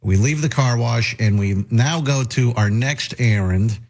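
A man's voice: mid-range voice, measured pace, a little mellow. A middle-aged man hosting a radio show, telling a long rambling anecdote full of restarts and acted-out quotes. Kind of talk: casual talk radio storytelling.

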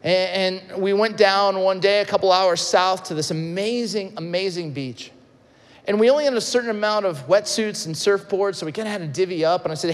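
A man preaching a sermon, telling stories with lively acted-out quotes and shifts between loud and soft. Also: high-pitched, brisk, in a large hall. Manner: animated storytelling, acts out quotes, swings loud and soft. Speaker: pastor. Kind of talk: sermon with storytelling.

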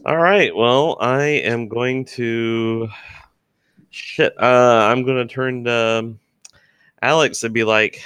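A man's voice: medium pitch, slow, fairly bright tone, smooth, no room sound. A man playing a tabletop game, joking and hesitant with many fillers. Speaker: player. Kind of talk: casual tabletop play.

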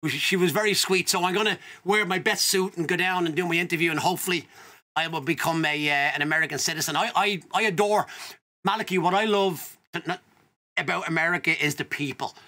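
A man's voice: high voice, brisk, pushed and bright. An Irish man hosting an interview, chatty and openly emotional, laughing often. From Ireland. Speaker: host. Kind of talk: casual interview chat.

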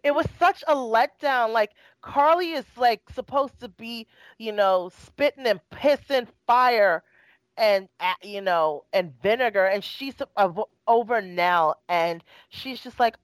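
A woman's voice: on the high side, measured pace, no echo, rough recording. Exasperated sarcastic woman, dry sound. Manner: exasperated, sarcastic, acts out quotes. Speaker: podcast co-host. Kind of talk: casual chat.

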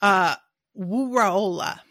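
A woman's voice: mid-range voice, extremely slow, fairly bright tone, no echo. A woman co-hosting a book podcast in an eager, chatty way, reading passages aloud between her asides. Her voice is recorded close and dry, with no room sound. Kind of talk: casual book discussion.

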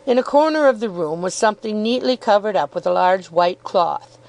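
A woman narrating a classic novel as an audiobook, in a measured, clear reading. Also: mid-range voice, lively intonation, darkish tone, poor audio. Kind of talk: scripted narration.

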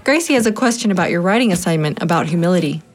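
A woman's voice: lowish voice, expressive, very fast. A woman playing a kind, encouraging grade-school teacher in a children's audio drama. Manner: warm, encouraging.

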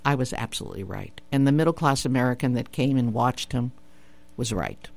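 A radio talk show host with a very deep, gravelly, darkish voice talks briskly into a studio radio mic. Emphatic and full of opinions, she keeps repeating herself and asking the audience rhetorical questions.

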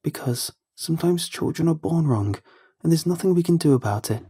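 A man's voice: on the high side, expressive, fairly quick, mellow, slightly rough, pitched above the performer's own voice. A man voicing a desperate mother in a horror story, pleading and tearful. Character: grieving mother turning monstrous, pleading.

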